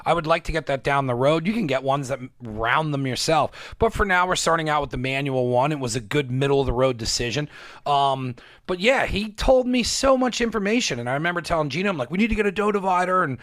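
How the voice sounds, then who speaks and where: A man with a fairly high voice tells a story in a casual podcast chat. He gets worked up, swears freely, and slips into quick impressions of the people he talks about. The sound is dry and close, with no room around it. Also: dry recording. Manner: excited storytelling, heavy swearing, acts out quotes. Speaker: podcast guest, bagel baker.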